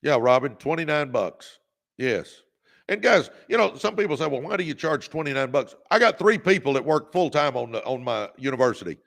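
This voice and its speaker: Guy hyping up his livestream crowd, gravelly voice, pumped up like a preacher. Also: mid-range voice, animated, fairly quick, a bit bright. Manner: revved-up preacher-like exhortation, calls out viewers by name. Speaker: podcast host. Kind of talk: motivational livestream talk.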